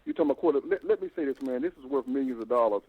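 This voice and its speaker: An older man calling in by phone to a fan show, talking in a long, animated, stammering rant. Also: medium pitch, racing, breathy edge, no room sound. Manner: animated, repeats himself, stammering restarts. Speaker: phone-in caller. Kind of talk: rambling call-in rant. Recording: tinny phone line, dry.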